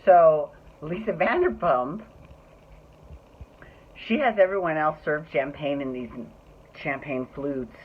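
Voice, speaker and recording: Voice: mid-range voice, takes it slowly, pauses often, slight background noise. A podcast host in casual, gossipy recap chat, rambling with restarts and campy slang. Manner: chatty, rambling, with frequent restarts and laughs. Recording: tinny phone-like sound.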